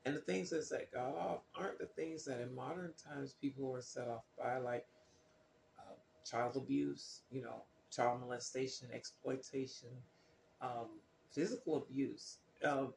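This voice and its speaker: Gravelly-voiced man questioning scripture. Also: medium pitch, a little mellow, reverberant, a little hiss or hum. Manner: skeptical, questioning, loose with fillers and restarts. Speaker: Bible reading commentator. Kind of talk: casual spoken commentary on scripture.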